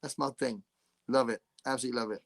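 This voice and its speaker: Speaking fast in a mid-range voice with vocal fry, an English podcast host runs a casual chat over a video call. His talk is lively and chatty, with frequent laughter and many restarted sentences.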